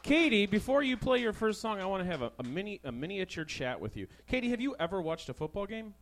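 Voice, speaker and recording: A young man hosting a small live comedy show, talking into a handheld mic in a crude, sarcastic ramble. His voice sits high and leaps up and down with lively energy. He drifts loosely from bit to bit. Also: fast. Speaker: talk show host. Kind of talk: stand-up monologue. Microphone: handheld stage microphone.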